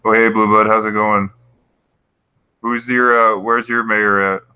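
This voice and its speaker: A man with a lowish, smooth, sharp-toned voice hosts a casual YouTube livestream, speaking unhurriedly in a level tone. He rambles through conspiracy commentary while reading his chat, often chuckling at his own points. The recording is rough but has no echo.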